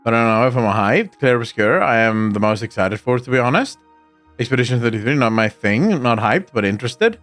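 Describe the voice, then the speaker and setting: A man's voice: mid-range voice, animated, fairly quick, a bit bright, soft background music. A man streaming live, reading viewer comments aloud and answering them in casual chat.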